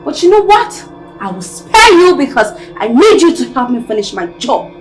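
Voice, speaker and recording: A Nigerian woman playing a cruel, scheming young wife who taunts her victims in a drawn-out, mocking way. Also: sits high, very animated, loud music behind the voice. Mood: taunting. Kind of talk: Nollywood film acting.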